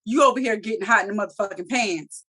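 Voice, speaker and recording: A woman co-hosting a review show in casual chat, talking in an animated, profane way and acting out characters' lines. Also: mid-range voice, fast, breathy edge. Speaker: TV review podcast co-host.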